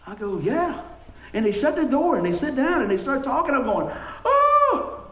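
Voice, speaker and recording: High-voiced pastor preaching. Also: male voice, a little fast, roomy sound, low-quality recording. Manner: animated storytelling with call-and-response. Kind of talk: sermon.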